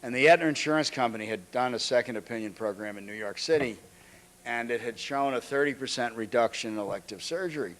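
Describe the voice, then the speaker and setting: An older man giving an anecdotal lecture, halting often, restarting phrases and clearing his throat. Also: medium pitch, fairly bright tone. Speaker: guest lecturer. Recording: archival lecture recording.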